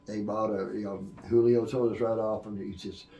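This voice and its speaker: An older man with a gravelly, creaky voice spins a long, rambling tale. He stumbles through fillers and restarts as he goes. The sound is roomy and echoey. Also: fairly low pitch, little pitch movement, moderate pace, mellow, dull audio, a little hiss or hum. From Oak Cliff, Texas. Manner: rambling storyteller with many fillers and restarts, acting out quoted voices. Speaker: guest, music producer and live sound engineer. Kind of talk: long storytelling interview. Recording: roomy echo.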